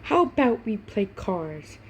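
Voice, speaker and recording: A woman's voice: mid-range voice, sing-song, slow pace, a little hiss or hum. A woman putting on a silly playful young dad. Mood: sing-song. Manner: exaggerated, playful. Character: young playful father acting silly for his toddler.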